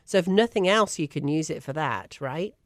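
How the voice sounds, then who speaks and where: On a casual chat show, an English co-host with a low, expressive voice talks at a moderate pace with emphatic enthusiasm, laughing often as she chats. The studio sound is clean, with no echo.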